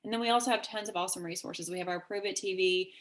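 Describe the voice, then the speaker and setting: Upbeat Kentucky woman pitching on a call. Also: quick pace. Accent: Southern US, Kentucky. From Kentucky, USA. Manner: energetic, chatty, acts out quoted texts with big pitch jumps. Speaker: network marketing presenter. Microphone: video call.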